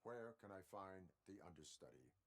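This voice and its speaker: A rigid cyborg lawman for a video game, with a very deep voice. He speaks formally and in clipped phrases, yet his pitch rises and falls widely. Methodical and emotionless in his wording. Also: animated, normal speed, creaky. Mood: flat commanding. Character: stern cyborg male police officer, methodical. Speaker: game character.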